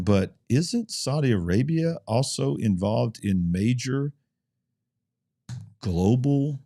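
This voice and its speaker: A man co-hosting a talk show, giving casual, chatty news commentary that speeds up and slows down. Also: medium pitch, mellow.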